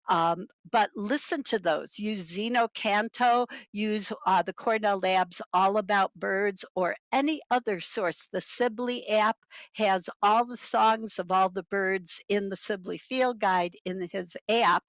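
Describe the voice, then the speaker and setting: A woman's voice: mid-range voice, slow pace, no echo. A woman giving an online birding talk from home over a video call, wearing headphones, with bird-song mnemonics sung in between. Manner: imitates bird songs with mnemonics. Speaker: birding presenter. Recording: dull lo-fi video call audio.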